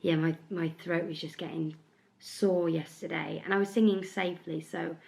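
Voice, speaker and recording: A young British-raised woman vlogging about her week, talking in a bubbly, rambling way with lots of "like". Her voice sits on the low side with plenty of gravelly fry. She sounds slightly stuffy and tired. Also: level tone, moderate pace, darkish tone. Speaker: vlogger, musical theatre performer. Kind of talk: casual vlog chat.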